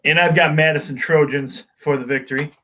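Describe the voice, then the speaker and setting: A man's voice: fairly high pitch, steady tone, brisk, pushed and bright, low-quality recording. A man hosting a casual local sports show, rambling through predictions with many restarts and "uh"s. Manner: rambling, with frequent fillers and restarts.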